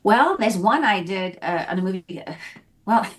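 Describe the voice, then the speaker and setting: An animated woman from South Africa tells stories as a guest in a casual interview. Her voice sits at an ordinary middle pitch for a woman. She acts out the scenes and voices as she talks. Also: moderate pace. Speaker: actress guest.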